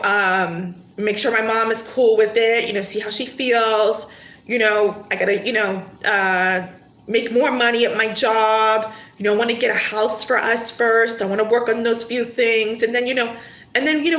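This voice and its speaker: A woman's voice: fairly high pitch, fairly bright tone, echoey room, close to an everyday voice. Woman doing an evasive boyfriend full of excuses. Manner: rambling, full of excuses and "you know". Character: stalling young boyfriend, smooth-talking and evasive.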